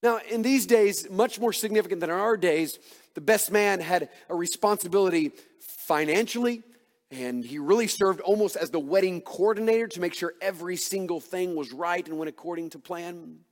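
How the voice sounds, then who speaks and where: A male pastor preaching a sermon, emphatic and full of rhetorical questions, swinging between hushed and loud delivery. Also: high-pitched, moderate pace. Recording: long hall reverb.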